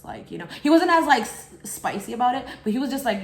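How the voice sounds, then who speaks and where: A woman's voice: a little high, big pitch swings, quick pace, gravelly, hardly any pauses. A young woman vlogger telling a casual storytime while eating, chatty and full of "like", acting out other people in quotes. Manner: chatty, fills speech with "like", acts out others in quotes. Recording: roomy echo.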